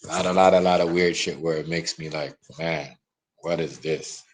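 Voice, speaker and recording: A man's voice: extremely low pitch, steady tone, normal speed, rough recording. Heated ranting streamer man. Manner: heated, repetitive ranting that swings from loud to muttered. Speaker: live streamer. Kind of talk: ranting live-stream commentary.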